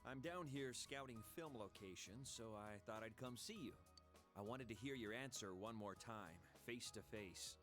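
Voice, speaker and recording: An actor voicing a calm, persuasive male talent manager. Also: medium pitch, moderate pace, soft background music, lightly acted. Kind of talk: game voice acting.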